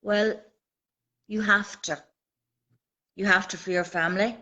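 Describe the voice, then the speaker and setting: A woman's voice: mid-range voice, steady tone, measured pace, sharp tone, highs cut off. Earnest Irish woman in her fifties. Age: 50s. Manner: earnest, rallying, speaks in repeated phrases. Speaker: guest. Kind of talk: live video call interview. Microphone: phone held by hand on video call.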